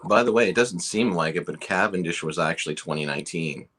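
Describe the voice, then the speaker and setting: A man with a very deep voice talks easily on a livestream, explaining his products at a relaxed pace. He sounds like he knows the business well. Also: fairly quick, slight background noise. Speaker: company owner guest. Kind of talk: casual livestream chat.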